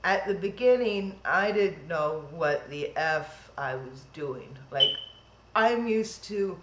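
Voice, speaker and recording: A woman's voice: fairly low pitch, animated, slow pace, background noise. A woman hosting a live-streamed event from home, chatting casually in a rambling, self-deprecating way. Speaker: livestream event host. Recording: roomy echo.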